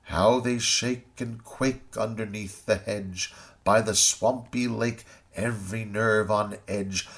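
A man's voice: on the low side, fairly even intonation, slow pace, a bit bright. A man narrating a rhyming children's story in a sing-song, theatrical way.

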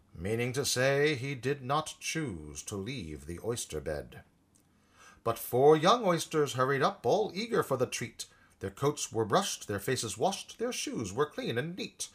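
A man reciting a storybook poem, with a husky voice and a lilting, expressive delivery. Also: mid-range voice. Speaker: narrator.

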